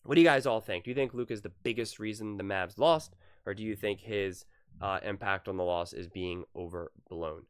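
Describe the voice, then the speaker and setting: A man's voice: fairly low pitch, a little fast, clean tone, no room sound, clean studio sound. Heated man ranting on sports. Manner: heated, emphatic, repeats points for stress. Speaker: sports commentary channel host. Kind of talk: solo sports opinion commentary.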